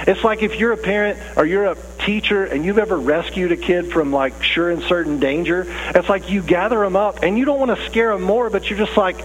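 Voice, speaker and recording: A man preaching to a congregation in an earnest, conversational way, his voice a little higher than most men's. The sound carries a long hall reverb. A faint electrical hum sits underneath. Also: brisk, hardly any pauses. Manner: conversational, earnest, asks the listeners questions. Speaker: pastor. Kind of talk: sermon.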